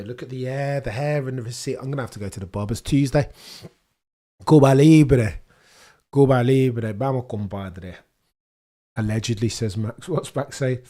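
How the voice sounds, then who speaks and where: A man hosting a live stream before a race, chatting casually with viewers, with a stuffy nose as he recovers from illness. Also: medium pitch. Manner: chatty, banters with chat, bursts of excitement. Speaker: live-stream host reading chat.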